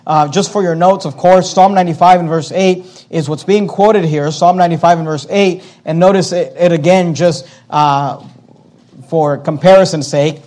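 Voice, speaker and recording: High-voiced man preaching a sermon. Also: fairly even intonation, darkish tone. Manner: emphatic preaching, repeats key questions, slows down to stress words. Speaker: pastor. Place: church service.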